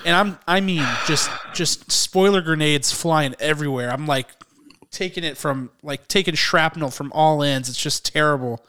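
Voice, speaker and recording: A man's voice: on the high side, moderate pace, bright, forceful tone, clear, resonant tone. A man co-hosting a casual movie-news podcast, chatty and rambling, who often restarts his sentences and laughs easily. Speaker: podcast co-host.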